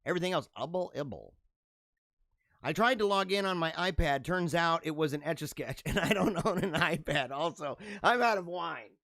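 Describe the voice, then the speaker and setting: A man's voice: fairly high pitch, a bit bright, no echo, clean studio sound. A man in his forties hosting a casual solo show, reacting to memes with jokey, chuckling asides. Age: 40s. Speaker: podcast host.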